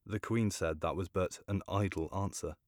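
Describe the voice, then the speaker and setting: Low-pitched male narrator, measured formal storybook reading, dry close mic. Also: a little mellow, dry recording.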